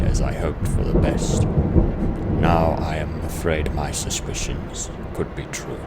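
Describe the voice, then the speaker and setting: A man voicing a grave, secretive doctor in a mixed, partly German accent, formal and measured. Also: extremely low pitch, very noisy, heavily acted. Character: grave older male doctor, secretive and worried. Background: game music.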